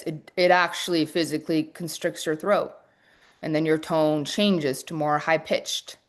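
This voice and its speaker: A woman business coach teaching on a live stream, talking fast and energetically with frequent restarts. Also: lowish voice. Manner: restarts and fillers.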